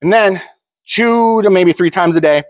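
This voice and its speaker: With a high voice and no echo, a young man vlogs about powerlifting, chatting casually at a moderate pace. He's blunt and joking, wandering off topic and frequently starting over.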